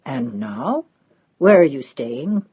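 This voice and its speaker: A woman's voice: very deep voice, very animated, slow, slightly rough, no room sound, dull audio, exaggerated voice. A woman reading the part of an elderly Italian housekeeper, devoted and motherly, in a pleading, insistent manner.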